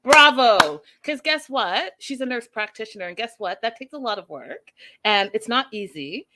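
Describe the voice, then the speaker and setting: A woman hosting a live show recap, giving her opinions in an animated way and talking to the live chat. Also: a little high, normal speed, heavy background noise. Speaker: host.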